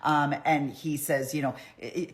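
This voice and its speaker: A woman's voice: low-pitched, normal speed. A middle-aged woman giving a chatty, opinionated trial recap, often acting out what people said. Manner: chatty, opinionated, acts out quotes. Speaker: trial commentary vlogger. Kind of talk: casual trial recap commentary.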